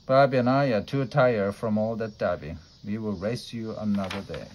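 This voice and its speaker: A man's voice: on the low side, normal speed, darkish tone, slight background noise, lightly acted. A man reading as an eager young boy. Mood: cheery.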